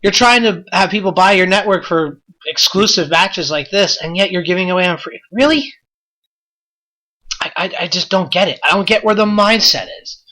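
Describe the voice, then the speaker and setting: Bright-voiced man ranting on a podcast. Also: high voice, brisk, hardly any pauses. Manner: exasperated, blunt, rhetorical questions. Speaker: podcast host. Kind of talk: ranting wrestling commentary podcast.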